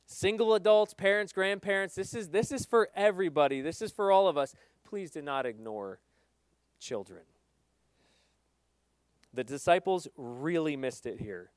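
A middle-aged male pastor preaching with earnest emphasis, swinging between loud stresses and quiet asides. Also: fairly high pitch, lively intonation, normal speed, clear, resonant tone, dry recording. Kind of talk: sermon.

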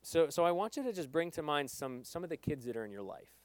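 A man's voice: a little high, sing-song, quick pace, smooth, dry recording. Earnest, emphatic middle-aged male preacher. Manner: earnest, emphatic, swings between loud and soft. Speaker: pastor. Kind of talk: sermon.

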